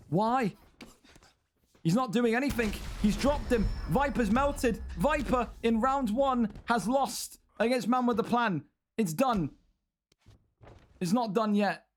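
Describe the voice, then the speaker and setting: Brief: young male commentator, higher-pitched voice, blunt, profane, exasperated live game-fight calls. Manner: blunt, swearing, exasperated rants. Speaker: commentator and league host. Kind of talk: excitable esports fight commentary.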